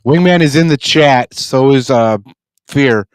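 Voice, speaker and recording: A man's voice: mid-range voice, a little slow, smooth, no room sound. A man co-hosting a casual sports podcast, steering the talk and reading out chat messages. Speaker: podcast co-host.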